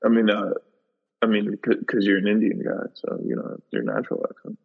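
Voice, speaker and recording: Gravelly rambling male podcast host. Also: fairly low pitch, sing-song, brisk. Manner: rambling, filler-heavy. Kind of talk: casual comedic chat. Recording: dull lo-fi with long reverb.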